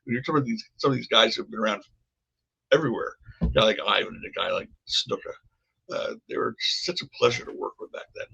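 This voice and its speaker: A man's voice: lowish voice, expressive, fast, gravelly, bright, forceful tone, breathy edge. An older man, a podcast guest, telling rambling stories from his past with frequent restarts. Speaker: podcast guest, former wrestling promoter. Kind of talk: casual storytelling conversation. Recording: dull lo-fi podcast audio.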